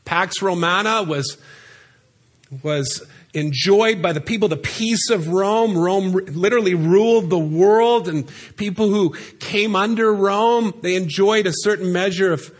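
A man's voice: high-pitched, measured pace. A man preaching a sermon in a church, earnestly reading scripture aloud and explaining it. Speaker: pastor. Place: church sanctuary.

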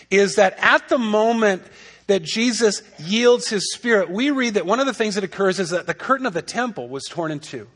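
A male pastor delivers a sermon in a notably high voice. He talks in a conversational way, then leans hard on key points and keeps asking rhetorical questions. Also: fairly bright tone.

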